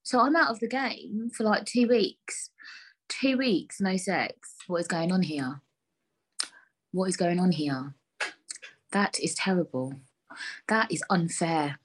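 A woman's voice: lowish voice, slow, long pauses, husky. A young woman hosting a podcast alone, talking candidly and bluntly with lots of swearing. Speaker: podcast host. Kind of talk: casual solo podcast chat.

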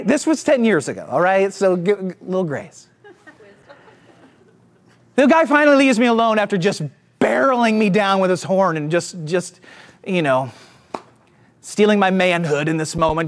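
Animated Southern man preaching a sermon. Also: sits high, moderate pace. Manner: storytelling, animated, self-deprecating. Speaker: pastor.

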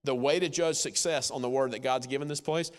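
A preacher in his forties with a drawl, delivering a sermon to a congregation. His voice sits at an ordinary middle pitch for a man. He pushes hard and loud on his points, then drops low and quiet to tell a story. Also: fairly even intonation, fairly quick. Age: 40s. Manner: emphatic, swings between loud urgency and hushed storytelling.

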